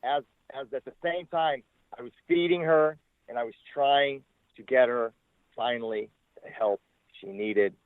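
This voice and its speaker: A man's voice: mid-range voice, measured pace, no echo. A man, a former talent manager, telling rambling stories in an interview, swearing freely and acting out what other people said. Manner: rambling, profane, acts out quoted people. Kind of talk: casual storytelling interview. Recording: tinny phone-line sound, dry.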